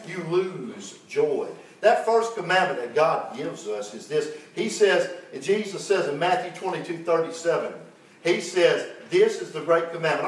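A man's voice: fairly high pitch, slight background noise. A man preaching a sermon, calling on the congregation to repeat after him and telling folksy stories. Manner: preaching with call-and-response, folksy storytelling. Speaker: pastor. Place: church sanctuary. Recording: very echoey church, mic far off.

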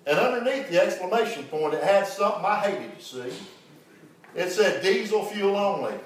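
A man's voice: high-pitched, slight background noise. A man preaching a sermon, calling on the congregation to repeat after him and telling folksy stories. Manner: preaching with call-and-response, folksy storytelling. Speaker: pastor. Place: church sanctuary. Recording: very echoey church, mic far off.

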